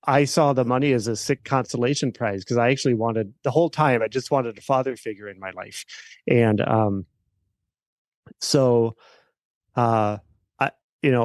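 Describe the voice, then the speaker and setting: A middle-aged man, an attorney and podcast guest, recounting a personal story in a halting way with many fillers and restarts. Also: medium pitch, darkish tone, dry recording.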